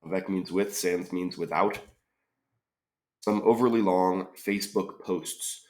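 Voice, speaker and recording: A man's voice: deep voice, unhurried, darkish tone. A man solving a crossword aloud, musing tentatively and often trailing off with questions. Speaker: crossword solver. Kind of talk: thinking-aloud puzzle solve.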